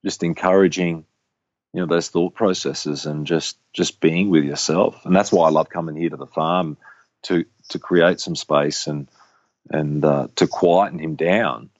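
A man's voice: extremely low pitch, steady tone, unhurried, no echo, lo-fi sound. A middle-aged man chatting as a guest, reflective and rambling with many restarts. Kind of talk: casual conversation.

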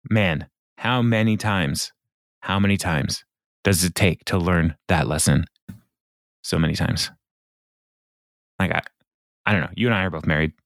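Low-voiced chuckling man retelling. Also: a little slow, long pauses, dry recording, studio quality. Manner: rambling retelling, chuckling often. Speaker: podcast co-host. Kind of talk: casual chat.

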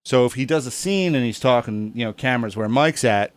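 A man's voice: medium pitch, fairly quick. A man hosting a casual podcast chat, rambling and hesitant with lots of ums. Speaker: podcast host.

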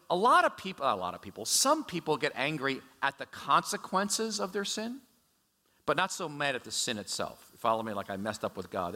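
Animated preacher man in a big hall. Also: on the high side. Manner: conversational, animated, frequent asides and restarts. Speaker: pastor. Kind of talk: sermon. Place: church sanctuary. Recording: echoey large hall.

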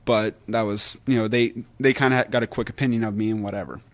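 A man as a podcast guest, telling stories in a casual, animated way and acting out other people's lines. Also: on the low side, fast. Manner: animated storyteller who acts out quotes. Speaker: guest wrestler.

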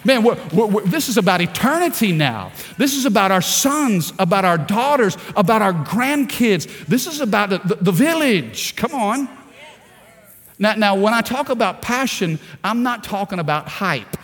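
A man's voice: sits high, big pitch swings, normal speed, fairly bright tone, in a large hall. A man preaching a fervent sermon, repeating words and asking the congregation rhetorical questions. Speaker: pastor. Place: large church hall.

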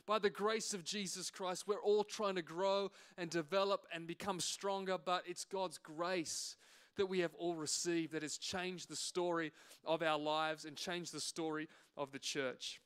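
A male pastor preaches in a high, bright voice that rings clear. He tells his story with humor, acting out the little asides as he goes. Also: fairly even intonation, a little slow. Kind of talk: sermon.

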